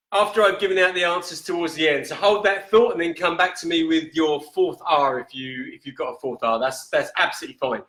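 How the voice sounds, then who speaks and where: A man hosting a live-stream whisky quiz in a casual, chatty way, reading each question slowly and repeating it. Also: fairly high pitch, sharp tone. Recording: echoey room.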